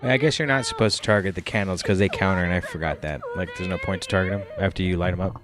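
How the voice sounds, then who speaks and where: A man's voice: low-pitched, fast, few pauses, a bit bright, soft background music. A man giving offhand, casual commentary while playing a video game. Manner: offhand, musing remarks. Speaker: game streamer.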